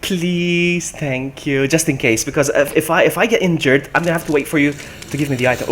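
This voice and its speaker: A man streaming a co-op game, chatting excitedly with his partner and repeating himself as he reacts. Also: on the high side, brisk, few pauses, a little hiss or hum. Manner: excitable, yelps and laughs often, repeats himself. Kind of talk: excited gaming commentary.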